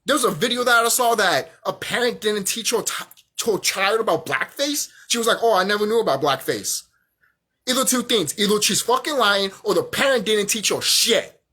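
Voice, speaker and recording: A man's voice: high-pitched, moderate pace, bright, forceful tone, slightly rough. A young man vlogging a heated, profane rant, often repeating himself. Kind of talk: angry rant monologue.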